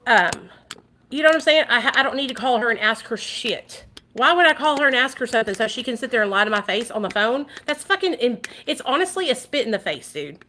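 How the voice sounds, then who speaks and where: A woman streaming a casual chat, addressing her viewers directly and swearing freely. Her voice sits a little high and sounds bright and forceful. She talks in an animated, outspoken way. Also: brisk, a little hiss or hum. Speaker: vlogger. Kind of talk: casual livestream commentary.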